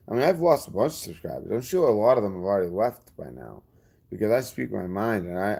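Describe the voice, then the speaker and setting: A man talks to his channel's viewers in a very deep voice with a gravelly edge. He rambles, going off on side tracks, and speaks his mind bluntly and defiantly. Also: warm tone. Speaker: channel host. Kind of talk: casual vlog talk to subscribers.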